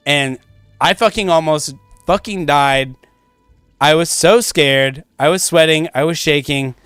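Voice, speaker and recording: A man's voice: on the high side, a bit bright, dry recording. A young man streaming a game, rambling casually through commentary and swearing freely.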